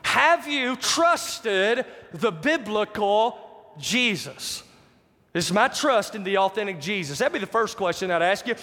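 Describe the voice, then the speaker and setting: A man's voice: high voice, big pitch swings, measured pace, sharp tone. A man preaching a sermon, emphatic, repeating key phrases and putting questions to the congregation. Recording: long hall reverb.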